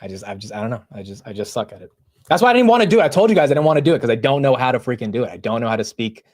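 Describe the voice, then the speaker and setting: A man's voice: mid-range voice, rapid-fire, darkish tone. A man from the United States hosting a live stream of market commentary, chatty and slangy, often laughing and calling viewers bro and dude. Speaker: livestream host.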